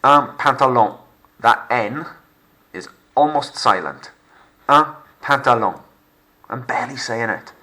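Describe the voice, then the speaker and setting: A man with a Welsh accent teaching a recorded lockdown French lesson over slides. He is upbeat and playful, and slows right down to model French words for students to repeat. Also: medium pitch, animated, sharp tone, rough recording. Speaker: secondary school French teacher.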